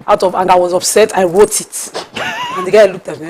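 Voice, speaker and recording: A woman's voice: fairly low pitch, brisk, crowd noise. A Nigerian woman co-hosting a TV talk show, telling stories in casual chat with lots of laughter. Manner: animated, laughing storyteller. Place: TV studio.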